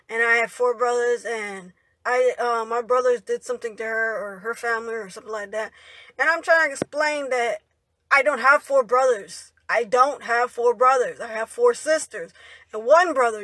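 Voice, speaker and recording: A woman's voice: on the high side, bright, forceful tone, dry recording. A young woman telling a story in a rambling, indignant way, ending her lines with "right?" and "you know". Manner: indignant retelling. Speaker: vlogger. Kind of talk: storytime monologue.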